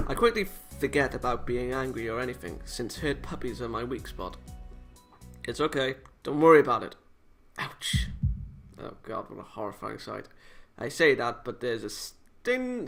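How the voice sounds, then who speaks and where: A man's voice: mid-range voice, gravelly, fairly bright tone. A man casually reading a visual novel aloud, cutting in with sarcastic, self-mocking jokes. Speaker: let's play host reading a visual novel. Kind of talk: casual read-aloud with joking asides.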